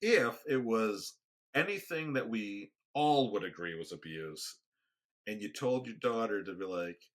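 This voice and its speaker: Low, bright-voiced man weighing his words. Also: lively intonation, a little slow. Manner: thoughtful, hesitant, searching for words. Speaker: podcast co-host. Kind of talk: casual discussion.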